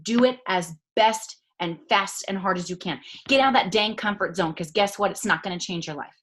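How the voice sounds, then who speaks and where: A woman giving an emphatic motivational talk on a video call, swinging from loud to hushed. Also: medium pitch, fairly quick. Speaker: network marketing leader speaking on a call.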